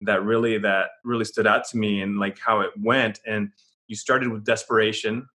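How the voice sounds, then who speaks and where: A man's voice: fairly low pitch, little pitch movement, moderate pace, bright, forceful tone. A man co-hosting a podcast in casual chat, earnest and motivational, often restarting his sentences. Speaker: podcast co-host.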